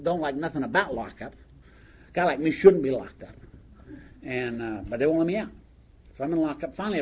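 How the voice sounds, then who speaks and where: A man telling his story to an audience in a wry, animated way, laughing along as he goes. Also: medium pitch, muffled recording, slight background noise. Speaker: speaker sharing his recovery story.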